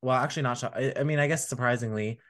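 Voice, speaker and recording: A man's voice: medium pitch, racing, a bit bright. A man co-hosting a podcast, chatting casually and rambling with lots of fillers. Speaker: podcast co-host. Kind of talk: casual chat.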